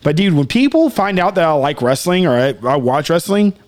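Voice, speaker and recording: Dude rambling on a podcast, swears, restarts a lot, bit higher voice. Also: male voice, big pitch swings, a little fast. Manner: rambling, profane, restarts, mimics people in raised voice. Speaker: podcast co-host. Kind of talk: casual chat.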